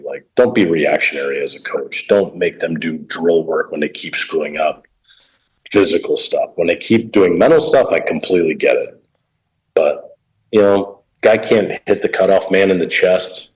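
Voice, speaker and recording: The guest, a middle-aged professional baseball coach, has a deep, slightly mellow voice. He speaks casually in an interview, sharing coaching stories in plain terms, on a rough recording.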